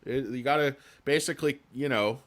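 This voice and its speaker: A man's voice: mid-range voice, a little fast, fairly bright tone. A man hosting a livestream in casual chat, rambling and joking with lots of swearing. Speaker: livestream host.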